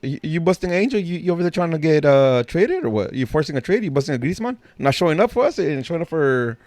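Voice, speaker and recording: Fast-talking laid-back man hosting. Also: on the high side, sing-song, a little mellow, no room sound. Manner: laid-back, joking, swears freely. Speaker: podcast host. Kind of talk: casual podcast chat.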